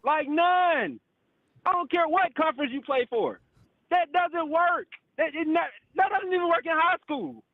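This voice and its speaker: A man's voice: very high-pitched, animated, measured pace, no room sound, phone-quality sound. A male caller on a call-in show, ranting in frustration, swearing and repeating "bro" and "literally.". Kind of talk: heated call-in rant.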